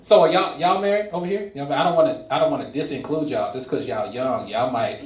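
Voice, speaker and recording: A man in his forties from Louisiana doing stand-up comedy and crowd work, animated and loud. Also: medium pitch, fast talker, reverberant, distant mic. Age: 40s. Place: comedy club with laughing audience.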